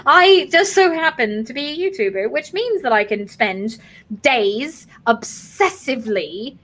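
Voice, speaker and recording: A fairly high-voiced woman hosting a casual stream, her British accent a blend of South London and Sheffield with an American edge. She is a little tipsy on wine and rambles discursively, full of fillers and side turns. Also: a bit bright. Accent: British mix of South London and Sheffield with an American tinge. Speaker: streamer host.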